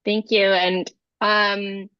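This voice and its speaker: A woman's voice: mid-range voice, flat delivery, drawn-out words, clean tone, dry recording. A middle-aged woman moderating a video-call panel discussion, hesitant with many restarts and fillers. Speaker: webinar moderator. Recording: dull lo-fi video call audio.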